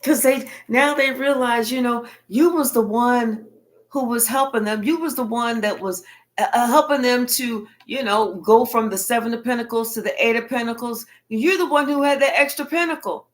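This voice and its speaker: A woman's voice: on the high side, normal speed. A woman giving a casual tarot reading in a blunt, colloquial manner with frequent cursing. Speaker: tarot reader.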